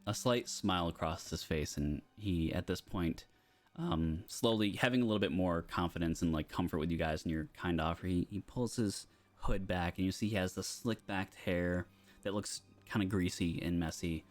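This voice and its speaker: A man's voice: low-pitched, normal speed. A man narrating as game master of a tabletop game, casual and hesitant, with many fillers, over background music.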